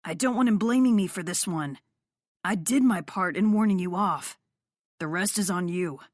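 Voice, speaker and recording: Cocky young rock star man, read by a woman, low and playful, dry studio sound. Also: moderate pace, darkish tone, no room sound, close to an everyday voice. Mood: teasing.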